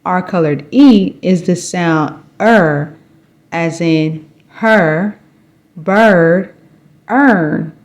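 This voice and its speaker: A woman teaching phonics, reading sounds and example words one at a time with long pauses between them. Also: on the low side, a little mellow. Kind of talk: slow, paced phonics instruction.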